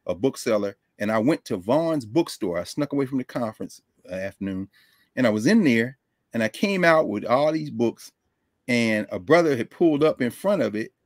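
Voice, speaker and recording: A man guest on a live video call, telling stories in a casual, animated way, laughing often. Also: medium pitch, normal speed, dry recording, clean studio sound. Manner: animated, loose, laughs often, drops into quoted voices. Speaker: guest scholar. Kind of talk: casual conversational storytelling. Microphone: desk microphone on a video call.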